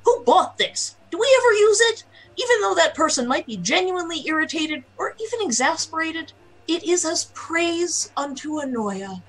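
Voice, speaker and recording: Kenku imitating a shrill, lively old woman, played by a woman, quick rants. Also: exaggerated voice, rough recording. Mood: exasperated.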